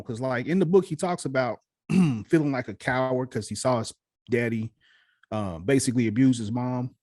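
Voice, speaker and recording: A man's voice: medium pitch, normal speed, darkish tone, no room sound, studio quality. A man co-hosting a casual podcast chat, talking things through in a reflective, conversational way. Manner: reflective, conversational, repeats "so forth and so on". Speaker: podcast co-host.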